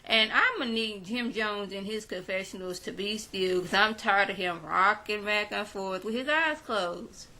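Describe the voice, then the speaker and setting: Chatty woman recapping with a gravelly edge. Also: medium pitch, unhurried, hardly any pauses, pushed and bright, rough recording. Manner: chatty, opinionated, talks straight to viewers. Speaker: reality show recapper. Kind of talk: casual recap talk with quoted paraphrases.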